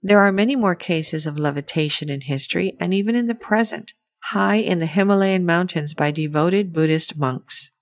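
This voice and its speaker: Low-voiced woman reading a narration. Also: normal speed, hardly any pauses, dry recording. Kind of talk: scripted documentary narration.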